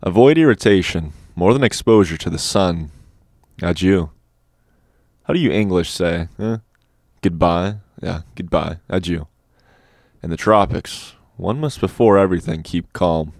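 Eccentric old doctor, calm and clinical, low voice, dry close sound, read by a man. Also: normal speed, no room sound. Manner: quizzical, clinical, matter-of-fact. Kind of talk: audiobook character reading.

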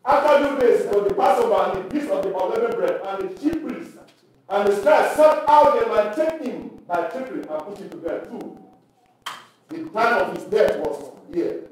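A man leads a Bible study for church workers, reading verses aloud and pausing to quiz his listeners. His voice sits high, and it is picked up from far away. The hall around him rings with heavy echo. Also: lively intonation, a little mellow, a little hiss or hum. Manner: preacherly, asks the audience questions and reads scripture aloud. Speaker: church leader teaching workers. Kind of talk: Bible teaching at a leadership meeting. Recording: echoey hall recorded from far off.

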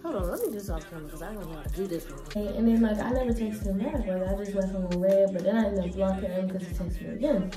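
A young woman vlogger chatting casually through a storytime while installing a wig, animated and full of slang, acting out what people said. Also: medium pitch, fast talker, hardly any pauses. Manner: animated, slangy, acts out quoted dialogue. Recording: music playing behind voice. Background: hip hop music.

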